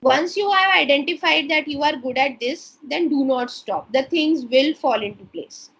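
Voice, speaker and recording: An Indian woman in her thirties, a stem cell researcher, talking earnestly in an interview with many pauses and fillers. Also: high-pitched, a bit bright, poor audio. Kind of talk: casual interview talk.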